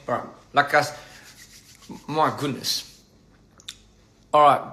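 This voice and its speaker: Bright-voiced man chatting on a livestream. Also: medium pitch, fairly even intonation, creaky. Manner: halting, repeats words, laughs at own slips. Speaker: livestream host. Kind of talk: casual livestream chat while eating. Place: indoors at a meal table. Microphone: phone.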